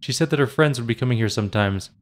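A man's voice: medium pitch, fast talker, lightly acted. A man voicing a nervous young male cleric who stutters and pleads. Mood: frightened. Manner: stammering, pleading.

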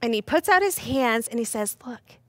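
A woman voicing Jesus as a calm, gentle man who speaks softly and slowly. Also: a little high, dry recording, studio quality. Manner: soft, hushed, slow.

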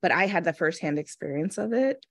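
A woman's voice: lowish voice, lively intonation, fairly quick, husky, no room sound, studio quality. A woman in her thirties, a manifestation coach, telling a personal story in an earnest, chatty way during an interview. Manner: earnest, storytelling, acts out quoted voices. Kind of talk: casual interview conversation.

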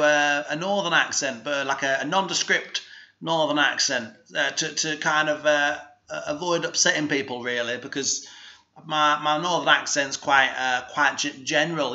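Bright-voiced man with a put-on Northern English accent. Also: on the high side, muffled recording. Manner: halting, full of fillers and restarts. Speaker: comic DJ host. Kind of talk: rambling comedy monologue.

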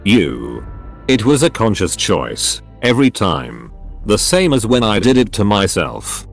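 A man's voice: fairly low pitch, huge pitch swings, unhurried, vocal fry, faint music behind, full character voice. A synthetic male voice reading the part of a cold, brooding aging father. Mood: stern.

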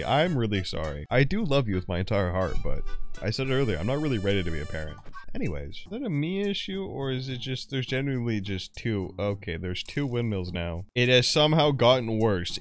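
Sarcastic young man with a lively voice. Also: on the low side. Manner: sarcastic, joking, with sudden loud squeals. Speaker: gameplay YouTuber. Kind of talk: gameplay commentary.

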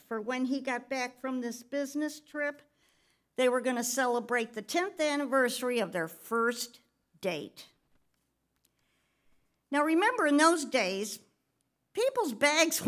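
A woman's voice: high-pitched, fairly bright tone. A pastor's wife giving a personal testimony during a church service, telling her story in a conversational way with occasional fillers.

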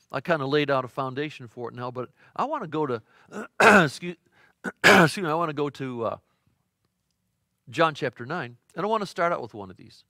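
A middle-aged pastor preaching a midweek sermon in a folksy, conversational storytelling way, with frequent fillers and restarts. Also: male voice, on the high side, sharp tone, no room sound, studio quality. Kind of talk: sermon teaching.

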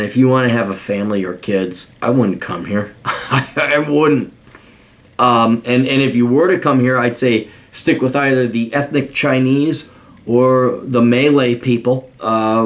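A man hosting a podcast, giving blunt, profanity-laced advice in a rambling monologue full of restarts. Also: mid-range voice.

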